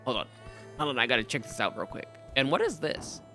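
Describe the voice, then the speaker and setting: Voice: medium pitch, huge pitch swings, fairly quick, pushed and bright, soft background music. A streamer giving chatty, self-mocking commentary while playing a role-playing game. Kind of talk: let's play commentary and narration.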